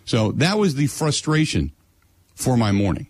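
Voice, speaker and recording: A man's voice: medium pitch, sing-song, measured pace, a little mellow, dry recording. A middle-aged man hosting sports radio, telling a story in blunt, sarcastic, exasperated casual chat.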